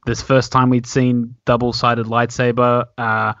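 A man in a casual podcast chat, animated and joking, swearing casually. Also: medium pitch, a little slow, dry recording. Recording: dull, lo-fi, dry sound.

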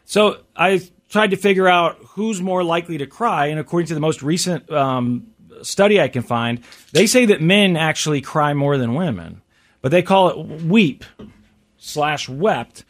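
A man's voice: a little high, expressive, normal speed. A male radio host chatting casually and reading out survey figures.

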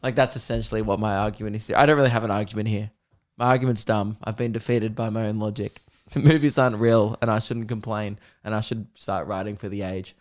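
A man's voice: fairly low pitch, fairly even intonation, quick pace. A young man hosting a comedy podcast, ranting with self-mocking humor and lots of swearing. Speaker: podcast host. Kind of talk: casual comedic rant.

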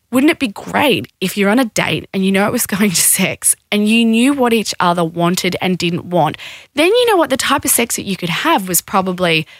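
A woman's voice: mid-range voice, no room sound, studio quality. A woman, a guest in a podcast conversation, explaining in a frank, matter-of-fact way. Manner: frank, explanatory, acts out quick quoted voices. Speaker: sex educator guest.

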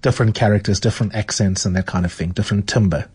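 A man's voice: lowish voice, fairly even intonation, fast talker, hardly any pauses, darkish tone, husky. A man hosting a radio show, chatting with callers and his guest, often repeating words as he thinks aloud. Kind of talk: casual radio chat and book reading.

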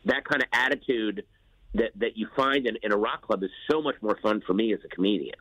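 A man's voice: fairly low pitch, pushed and bright, dry recording, rough recording. Man, a comedian talking shop. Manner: chatty, halting restarts. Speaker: comedian guest. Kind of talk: casual podcast chat.

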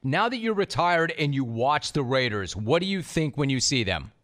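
A man's voice: mid-range voice, very animated, moderate pace, fairly bright tone. A man hosting a sports talk show, asking pointed and provocative questions.

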